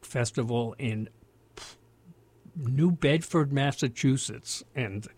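A man's voice: medium pitch, takes it slowly, a little mellow, husky. An older American man telling a long personal story in a loose, rambling way, full of restarts and fillers. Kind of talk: casual spoken storytelling.

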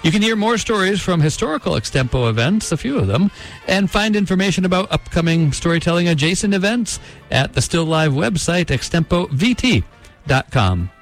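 Man announcing over soft music. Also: high-pitched, big pitch swings, fairly quick. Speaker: radio host. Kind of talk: radio presenter outro.

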